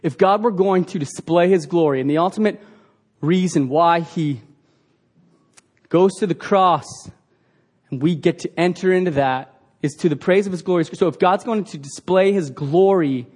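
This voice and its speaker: A man's voice: on the high side, normal speed, pauses often, a little mellow. A man preaching a sermon as pastor, earnest and emphatic, asking the congregation rhetorical questions.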